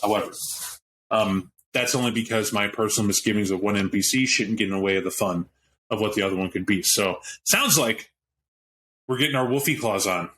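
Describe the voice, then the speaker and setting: A man's voice: lowish voice, brisk, a bit bright, a little hiss or hum. A man on a podcast panel, talking animatedly about a tabletop game with frequent restarts and asides. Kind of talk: casual roundtable chat about a tabletop game.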